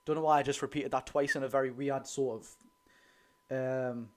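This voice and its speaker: A man with a Geordie accent chatting excitedly to his viewers during a live football watch-along. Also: mid-range voice, normal speed. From North East England. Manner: chatty, excitable, keeps addressing the lads. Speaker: football fan streamer.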